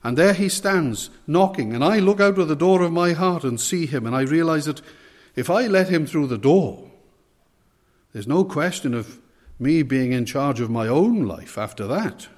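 A man's voice: fairly high pitch, animated, moderate pace, a little mellow, long reverb tail. A man preaching an evening sermon, earnestly putting direct questions to his listeners.

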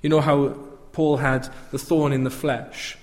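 A man's voice: mid-range voice, flat delivery, unhurried, in a large hall. A male preacher giving an earnest sermon that rises to fervent proclamation.

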